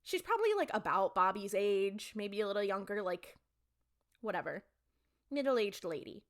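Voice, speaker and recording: A woman's voice: mid-range voice, normal speed. A young woman co-hosting a podcast, recapping an episode in casual chat and acting out the characters' lines as she goes. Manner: animated storytelling, acts out characters' lines. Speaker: podcast co-host.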